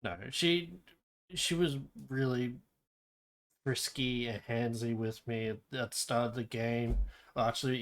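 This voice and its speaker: Man rambling through stream reactions. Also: on the low side. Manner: rambling, self-correcting. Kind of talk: casual reaction commentary.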